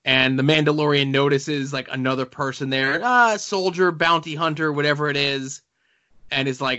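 A man with a somewhat high, sharp-toned voice and fairly even intonation co-hosts a podcast at a moderate pace. He rambles casually about comics and TV with jokes and fillers. The recording sounds dull and lo-fi.

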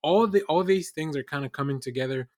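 Halting man in podcast chat. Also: fairly high pitch, a little mellow, no room sound, studio quality. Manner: halting, many restarts and fillers. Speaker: podcast co-host. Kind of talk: casual recap chat.

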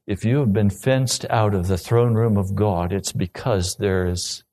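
A man's voice: fairly low pitch, fairly even intonation, a little slow, mellow. A man preaching a sermon, telling his own testimony earnestly and then pressing urgent questions on the listener.

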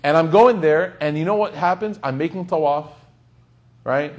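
A young man giving a casual, humorous sermon, telling stories with sudden loud bursts. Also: on the high side, moderate pace. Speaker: Islamic speaker.

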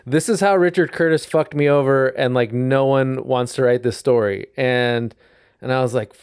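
A man's voice: mid-range voice, normal speed, darkish tone, smooth, no echo, studio quality. A man in casual podcast chat, rambling with many fillers and swearing freely.

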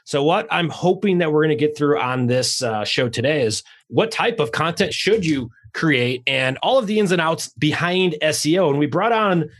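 Fast-talking, casual male podcast host. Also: on the high side, lively intonation. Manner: fast, raw and casual, with mild swearing. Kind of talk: energetic podcast hosting.

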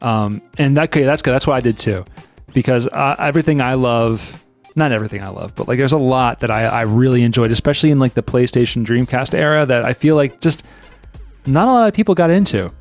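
A man co-hosting a podcast in casual chat, reflective and thinking aloud with pauses. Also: mid-range voice, faint music behind. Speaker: podcast co-host.

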